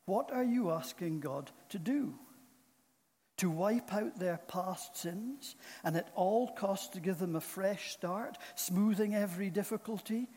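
Solemn preacher guy, kinda high voice, long church echo. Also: a little mellow. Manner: slow, solemn and earnest. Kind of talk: sermon. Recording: long reverb of a large hall.

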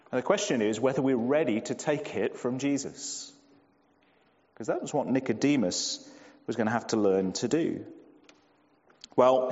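Man, preacher, measured emphatic sermon, long hall reverb, muffled lo-fi sound. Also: darkish tone. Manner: measured, emphatic, slows down and drops low on key phrases.

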